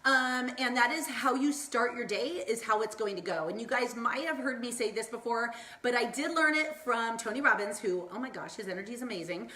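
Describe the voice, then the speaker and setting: Speaking a little fast with barely a pause, a woman in her thirties from Southern California hosts an upbeat motivational Facebook Live stream as a wellness vlogger. Her voice sits on the high side with a sharp tone, and the phone or laptop mic catches an echoey room. Bubbly and encouraging, she goes off on tangents and acts out quoted lines.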